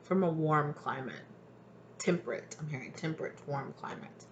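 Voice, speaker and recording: A woman's voice: sits low, moderate pace, highs cut off, very noisy. A woman giving a casual, rambling tarot reading at home, full of fillers. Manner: chatty, rambling, many fillers. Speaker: tarot reader.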